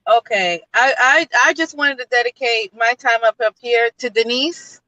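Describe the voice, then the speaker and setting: A woman's voice: a little high, normal speed, bright, forceful tone, dry recording, muffled recording. A woman from the Bronx, calling in from her car as a guest in a casual live-stream chat, talking bluntly and often repeating herself. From New York, Bronx. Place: in a car, driving.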